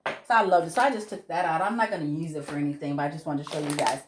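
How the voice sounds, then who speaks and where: A woman's voice: low-pitched, steady tone, rapid-fire, a little hiss or hum. A middle-aged woman talks casually in her home kitchen as she cooks. She rambles, restarts her sentences and fills the gaps with ums. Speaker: cooking vlogger. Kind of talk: casual kitchen vlog chat.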